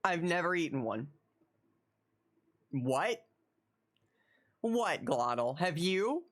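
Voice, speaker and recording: Talking slowly and pausing often, an American streamer at home chats with the audience in a medium-pitched voice. Phrases get repeated, words stumble, and the teasing of chat brings out laughter and animation.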